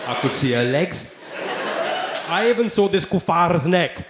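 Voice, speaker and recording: A man works a theater crowd, sardonic and chatty, with rhetorical asides. His fairly high voice swings lively through each line. The live room adds a roomy echo over steady ambient noise. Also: unhurried. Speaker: stand-up comedian. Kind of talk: live stand-up routine. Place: theater stage.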